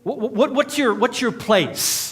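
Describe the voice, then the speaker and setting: A man's voice: very high-pitched, takes it slowly, a bit bright. A male pastor, preaching a conversational sermon with jokes and acted-out quotes in a church. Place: church sanctuary.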